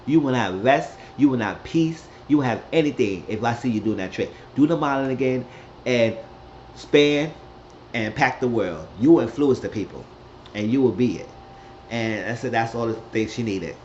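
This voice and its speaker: A man's voice: animated, moderate pace, a little mellow, muffled recording, slight background noise. Rambling man recapping with acted quotes. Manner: rambling, acts out quotes with raised pitch. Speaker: recap host. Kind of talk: casual episode recap.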